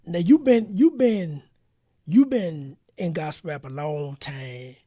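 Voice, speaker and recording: A man hosting a podcast interview, telling a story in an animated, slangy way. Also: a little high, takes it slowly, dry recording, clean studio sound. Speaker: podcast host. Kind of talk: casual interview chat.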